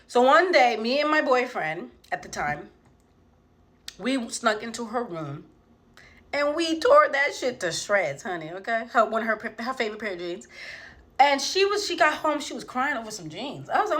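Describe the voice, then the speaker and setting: A woman's voice: a little high, very animated, normal speed, fairly bright tone. A young adult woman telling a comedic story casually, with lots of profanity, who acts out the voices of the people she quotes.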